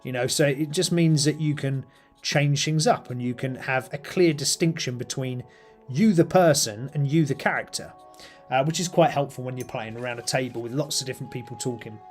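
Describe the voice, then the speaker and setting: A man's voice: mid-range voice, normal speed, faint music behind. A middle-aged British man casually chatting on his live stream while painting miniatures, rambling with lots of ums and uhs.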